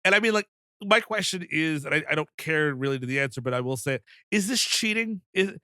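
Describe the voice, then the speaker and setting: A man's voice: fairly high pitch, lively intonation, brisk, sharp tone, no echo, studio quality. A man co-hosting a comedy film podcast, chatty and rambling as he talks through scenes. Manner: chatty, rambling, lots of fillers. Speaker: podcast co-host. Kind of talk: casual comedy film recap.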